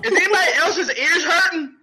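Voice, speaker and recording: A man's voice: very high voice, moderate pace, sharp tone, a little hiss or hum. A man on a podcast who swears and exclaims casually while eating a very hot chip. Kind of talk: casual chat.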